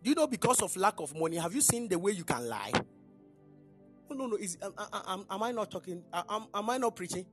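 A woman's voice: medium pitch, animated, fast, soft background music. A woman preacher delivering a sermon in church, emphatic and questioning the congregation.

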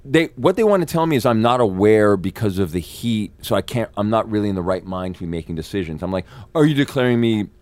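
A male actor, a guest on an interview show, telling a long anecdote in a profane, animated way. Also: fairly low pitch, quick pace, few pauses, no echo.

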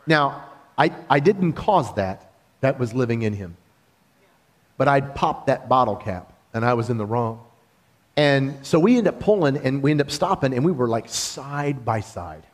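A man preaching a sermon, talking in an animated, conversational storytelling way with laughs. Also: mid-range voice, unhurried.

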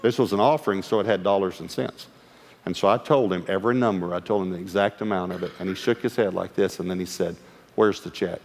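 A male pastor, telling a story from the pulpit with lively acted-out dialogue and sudden hushed asides. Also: low voice, quick pace. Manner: animated storyteller acting out dialogue; drops to a hush for quoted lines. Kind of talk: storytelling sermon. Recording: long hall reverb.

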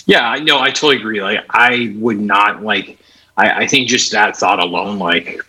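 Husky low man, emphatic "like"-filled chat. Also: moderate pace, bright, forceful tone, low-quality recording. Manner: emphatic, nearly every phrase starts with "like". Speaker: podcast co-host. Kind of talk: casual chat.

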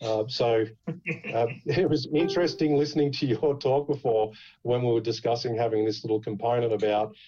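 An Australian man hosting a podcast, spinning yarns in loose, profane chat and laughing through them. His voice is mellow and dark, at an everyday pitch. The recording sounds dull and lo-fi. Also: fairly even intonation, moderate pace. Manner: swears freely, laughs through his stories. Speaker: podcast host. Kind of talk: casual podcast storytelling.

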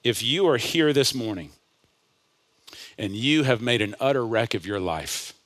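A male pastor preaching a sermon, climbing to loud impassioned peaks and dropping to hushed lines. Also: medium pitch, lively intonation, a little slow. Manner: builds to loud impassioned peaks, then drops to hushed asides.

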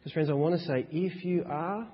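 A man's voice: fairly high pitch, moderate pace. A man preaching a sermon as a pastor, with emphatic, rhythmic repetition. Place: church hall. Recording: dull echoey church hall.

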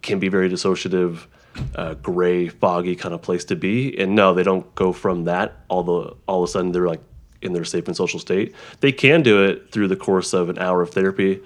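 A man who works as a therapist, explaining ideas in a halting conversational way, with frequent restarts and examples. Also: low-pitched, fairly even intonation. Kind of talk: conversational interview.

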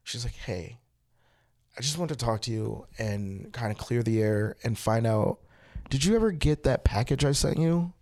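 A man's voice: mid-range voice, expressive, moderate pace, darkish tone. A man in his thirties, a comedian, telling a personal story in a casual, candid chat. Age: 30s. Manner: candid, conversational, quotes people in his own voice.

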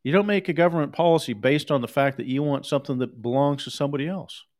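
A man's voice: fairly high pitch, fast, a little mellow. A man preaching a sermon in an emphatic, conversational way, often repeating his words.

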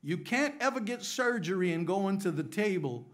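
High, lively preacher swinging from whisper to shout. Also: male voice, normal speed. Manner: swings from hushed whispers to loud excited bursts, acts out voices. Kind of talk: animated sermon. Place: church.

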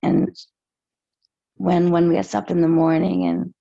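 Woman, podcast guest, very slow, raspy, lo-fi sound. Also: fairly low pitch, flat delivery, warm tone, dry recording. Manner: slow, reflective, hesitant. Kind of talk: casual interview chat. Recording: dull muffled lo-fi sound.

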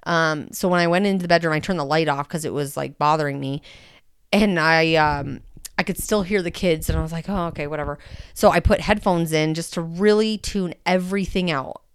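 Woman, young adult, casual podcast host, rambling, lowish voice, clean dry recording. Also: a little fast, clean tone, dry recording. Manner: rambling and candid, many fillers. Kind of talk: casual personal podcast talk.

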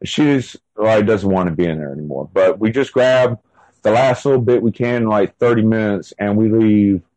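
A man's voice: lowish voice, normal speed, darkish tone, no echo, poor audio. Man telling a rambling story, dry sound. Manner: rambling, frequent "like" fillers and restarts. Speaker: interview guest. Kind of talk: casual storytelling.

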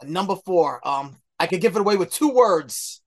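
A man's voice: high-pitched, expressive, moderate pace. A man co-hosting a podcast, chatting about movies in a laid-back, hesitant way. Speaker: podcast co-host. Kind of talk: casual movie chat.

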